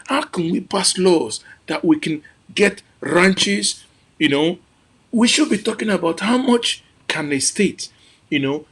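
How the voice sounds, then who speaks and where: A Nigerian man hosts with impassioned commentary, his husky voice swinging widely up and down. He sits a little high for a man and piles up exclamations and repeated phrases. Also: fairly bright tone. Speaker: host reacting to an archive clip.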